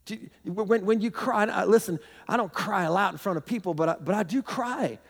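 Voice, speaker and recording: A man preaching a sermon as pastor, telling animated stories with bursts of shouting and laughter. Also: sits high, brisk, vocal fry. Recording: long hall reverb.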